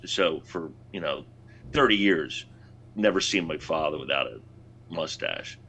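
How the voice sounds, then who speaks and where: A man's voice: very deep voice, moderate pace, a bit bright, slightly rough. A man in a casual chat, telling anecdotes in a chatty way.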